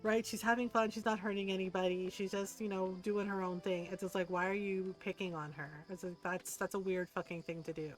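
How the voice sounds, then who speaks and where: Woman streamer, mid-range voice, animated storyteller, casual and profane. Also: medium pitch, brisk, hardly any pauses, soft background music. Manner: animated gossipy storytelling, swears freely. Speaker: game streamer. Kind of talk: casual live-stream chat.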